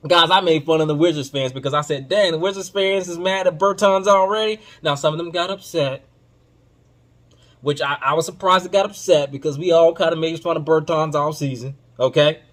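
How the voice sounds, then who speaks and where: A man's voice: a little high, brisk. Emphatic man ranting about basketball. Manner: emphatic and animated, swinging from loud to muttered; informal slang-heavy delivery. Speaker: podcast host. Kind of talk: casual basketball commentary.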